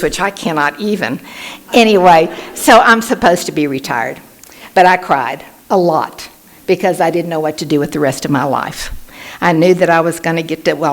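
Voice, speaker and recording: A woman in her sixties from Texas with a Texan accent, sharing her recovery story at a support meeting in a lively storytelling manner, acting out the people she quotes. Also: lowish voice, vocal fry. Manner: warm storytelling, animated when quoting others. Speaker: Al-Anon speaker. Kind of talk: personal recovery talk. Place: meeting room.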